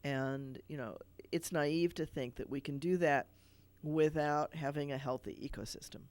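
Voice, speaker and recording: A man's voice: a little high, steady tone, normal speed, darkish tone, clean tone. A man, a rabbi hosting a TV studio chat, explaining ideas thoughtfully with many fillers and restarts. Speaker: rabbi sitting in as TV show host. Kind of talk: casual studio conversation.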